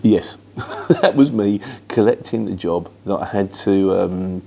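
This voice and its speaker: Middle-aged english bloke, london-ish accent, lowish voice, rambly and casual, bit of faint noise. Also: male voice, a little slow, gravelly, dark tone. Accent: London-influenced Luton English. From England. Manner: chatty, rambling, matter-of-fact with filler words. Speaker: host answering viewer questions. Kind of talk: casual chat.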